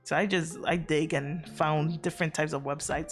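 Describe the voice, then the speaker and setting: A woman's voice: sits low, steady tone, normal speed, faint music behind. A woman streamer chatting casually to her viewers, rambling with many fillers and frequent swearing, from outside America. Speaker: VTuber streamer.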